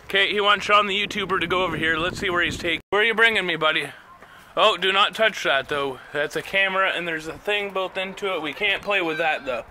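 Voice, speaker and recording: A man vlogging with his family, talking excitedly to a handheld camera. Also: sits high, fast. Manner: excitable, exclaiming, narrating to the camera. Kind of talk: casual family vlog. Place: outdoors in a built-up area. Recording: outdoor ambient noise.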